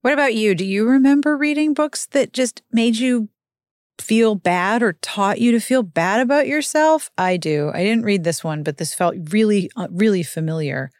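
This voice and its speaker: A woman hosting a casual book-recap show, talking in a wry, exasperated way with sudden jumps in pitch. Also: normal speed, dry recording, studio quality. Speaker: podcast host recapping a book.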